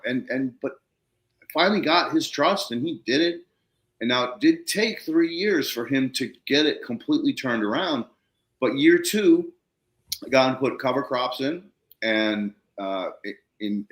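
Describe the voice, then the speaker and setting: A man hosting a podcast, telling a story in casual conversation, excitable and swearing casually, acting out quotes in a raised voice. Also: mid-range voice, roomy sound. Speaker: podcast host.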